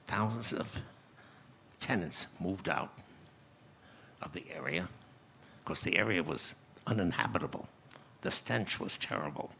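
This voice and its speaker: A man in his eighties telling a personal story slowly and reflectively as a guest in a conference interview, often restarting his phrases. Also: low-pitched, creaky, fairly bright tone, a little hiss or hum. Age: 80s. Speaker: guest speaker.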